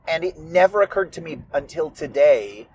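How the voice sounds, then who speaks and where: A man who writes and performs audio stories, talking about his work in a casual, reflective monologue. He muses aloud and sounds animated and amused with himself. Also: on the high side, normal speed, breathy edge. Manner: musing, animated, self-amused.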